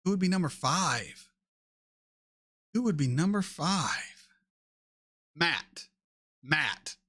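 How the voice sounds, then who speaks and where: A man in his thirties hosting a casual chat, answering viewer questions in a blunt, animated way and swearing freely. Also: on the high side, slow pace. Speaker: reaction channel host.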